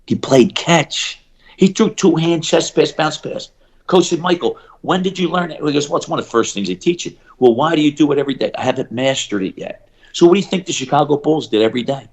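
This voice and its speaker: A middle-aged man, a shooting coach, telling stories in an animated interview and acting out the people he quotes. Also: on the high side. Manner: acts out quoted voices, fast bursts and emphatic repeats.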